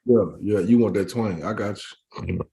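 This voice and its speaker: A man's voice: fairly low pitch, moderate pace, vocal fry, warm tone. A man co-hosting a podcast, adding brief interjections and dry asides in casual chat.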